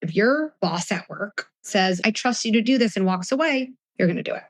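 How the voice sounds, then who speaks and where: A woman in her forties speaks as a parenting expert before an audience, animated and quick to act out scenes with her kids. Her pitch sits in an ordinary middle range. The sound is dry and close. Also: dry recording. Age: 40s. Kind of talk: live talk before an audience.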